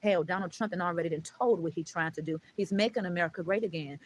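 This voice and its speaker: A woman's voice: lowish voice, quick pace, slight background noise, rough recording. Blunt, preachy woman vlogger swearing freely. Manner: blunt, preachy, heavy swearing, calls viewers "baby" and "honey". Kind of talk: emotional monologue to camera.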